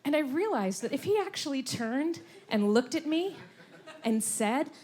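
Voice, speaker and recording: A woman performing a stand-up comedy set on stage, animated, slipping into silly voices. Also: high voice, moderate pace. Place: comedy club stage before a laughing audience.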